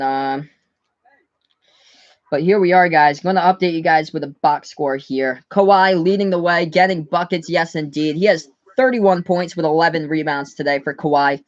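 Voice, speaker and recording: Calling the score at a brisk clip, a Northeastern American man gives live play-by-play on his stream while chatting with viewers. His voice is on the high side, the audio has no room sound, and the highs are cut off.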